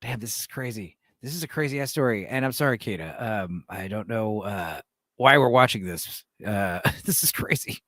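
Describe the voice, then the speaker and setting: Lively man in his thirties, dry sound. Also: fairly low pitch, moderate pace, no echo. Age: 30s. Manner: animated, profane, laughs often. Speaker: streamer host. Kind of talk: live reaction stream commentary.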